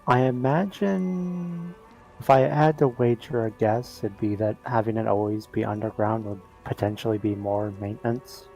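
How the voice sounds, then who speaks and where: A man's voice: on the low side, steady tone, moderate pace, hardly any pauses, warm tone, soft background music, rough recording. A man co-streaming a game, chatting casually and explaining things step by step.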